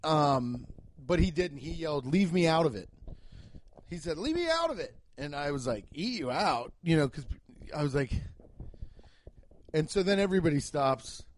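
A young man with a fairly high voice for a man rambles through a casual comedy podcast monologue, swearing freely and hopping from story to story. He speaks at normal speed with frequent pauses, and his pitch jumps up abruptly whenever he acts out a punchline.

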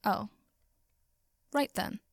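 A woman reading a story aloud and voicing a wry, soft-spoken young man who teases gently, close to her own voice. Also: drawn-out words, no echo.

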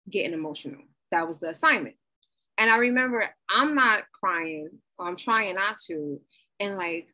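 A woman giving a conversational, animated inspirational talk, repeating herself for emphasis. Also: mid-range voice, rough recording. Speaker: motivational speaker.

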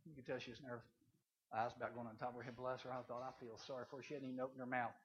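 A man, speaking at a chapel to junior high students in a folksy, animated storytelling sermon. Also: rapid-fire. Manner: animated, folksy, acts out voices. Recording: slightly dull, faint hiss.

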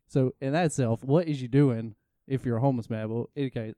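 A man's voice: mid-range voice, fairly quick, mellow, no echo, studio quality. A man co-hosting a casual talk show, telling a long story in a rambling, self-interrupting way. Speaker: podcast co-host.

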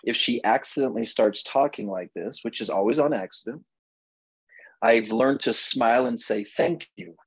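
Lecturing a marriage class, a man tells animated stories and acts out both sides of conversations with his wife. His mid-range voice is husky and moves at a normal speed. There's no echo, but the audio quality is poor.

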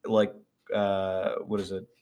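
A man's voice: low voice, completely flat delivery, slow, vocal fry, a little mellow. A man co-hosting a casual podcast, joking and teasing the new guest. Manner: teasing, jokey. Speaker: podcast co-host.

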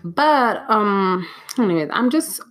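A woman's voice: mid-range voice, lively intonation, slow pace, a bit bright. A woman hosting her own talk show, chatting casually with lots of fillers and restarts, flustered after several retakes. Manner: rambling, self-interrupting with fillers and laughs. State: flustered and overheated. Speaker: podcast host. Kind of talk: casual solo commentary.

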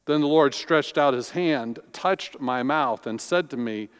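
A man preaching a sermon as pastor, slow and deliberate with emphatic pauses. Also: mid-range voice, clear, resonant tone. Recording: long reverb of a large hall.

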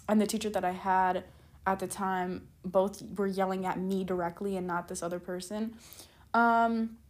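A woman of middling pitch tells a personal story straight to the camera. She talks in a loose, chatty way, filling her sentences with "like" and side notes. Now and then she stops short, backtracks and picks the thread back up. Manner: chatty, lots of "like" and "keep in mind" asides; rambling, loses her train of thought and backtracks. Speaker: storytime vlogger. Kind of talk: casual storytelling.

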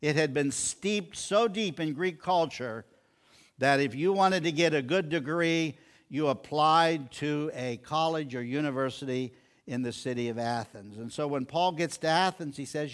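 A man's voice: fairly high pitch, a little slow. An older man preaching a sermon, telling scripture stories and acting out the quoted lines. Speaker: pastor.

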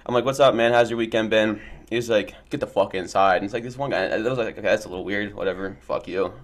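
A man's voice: fairly low pitch, fast. A young man co-hosting a podcast, chatting in a laid-back way, swearing casually and laughing often. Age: young adult. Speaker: podcast co-host. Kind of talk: casual chat.

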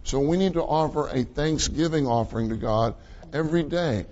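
A man's voice: on the high side, moderate pace, a little mellow, highs cut off. A man preaching a sermon in a conversational way, often repeating his key phrases for emphasis.

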